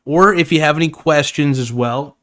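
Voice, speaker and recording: A man's voice: on the high side, moderate pace, a bit bright. A man hosting a live stream, chatting casually in an enthusiastic, rambling and jokey way.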